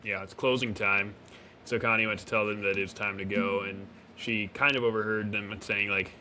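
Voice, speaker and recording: A man's voice: lowish voice, little pitch movement, normal speed, pushed and bright, slight background noise. A man casually recapping an episode as a podcast co-host, with fillers and self-corrections. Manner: acts out character lines while recapping. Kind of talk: casual review chat.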